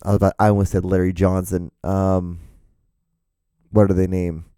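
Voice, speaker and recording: A man's voice: deep voice, little pitch movement, moderate pace, warm tone, clear, resonant tone, no room sound. A man hosting a solo podcast, rambling and profane and poking fun at himself, his voice wearing out. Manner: rambling, profane, self-deprecating. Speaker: podcast host.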